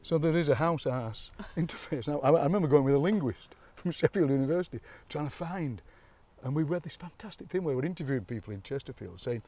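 A man with a Yorkshire accent chatting on an outdoor walk, an animated storyteller who mimics local accents and laughs often. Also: a little high, fast, no room sound, recorded from a distance. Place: outdoors by a graveyard.

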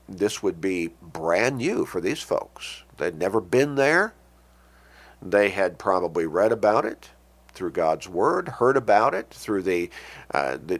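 A man preaching a sermon, reading scripture with emphasis and explaining it in a measured, pausing way. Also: lowish voice. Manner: emphatic, rising on scripture quotes, pausing and restarting.

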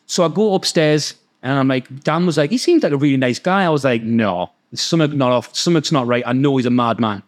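A man with a Geordie accent telling a long, animated story in casual chat, swearing freely and acting out the other people's voices. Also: mid-range voice, fast, hardly any pauses. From North East England. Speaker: podcast guest storyteller.

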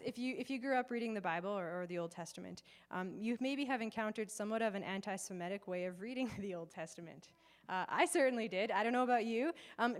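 Female preacher, fairly high voice, casual animated sermon delivery, talks to the room like a friend. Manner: chatty and animated, acts out quoted voices, many fillers. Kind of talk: conversational sermon. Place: in person before a live gathering with slides.

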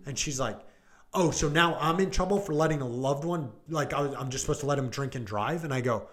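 A man's voice: medium pitch, brisk. A male police deputy, probably in his thirties, casually retelling a call with lots of "like" and "I go" and acting out what people said. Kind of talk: casual storytelling in a podcast chat.

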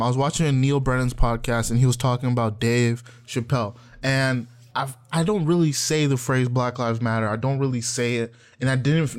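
A male podcast co-host with an everyday middle-pitched voice chats casually, telling stories with lively energy. He slips into the voices of the people he quotes and swears freely.

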